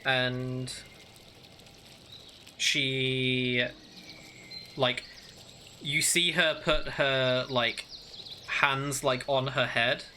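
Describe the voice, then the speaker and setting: A man narrating as game master in a tabletop game, halting and full of fillers. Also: medium pitch, steady tone, pushed and bright, a little hiss or hum.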